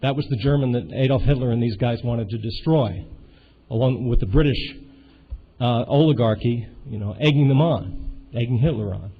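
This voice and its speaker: A man speaking informally to a seminar group, halting often, restarting his sentences and filling gaps with fillers. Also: medium pitch. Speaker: seminar participant. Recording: muffled with faint hiss.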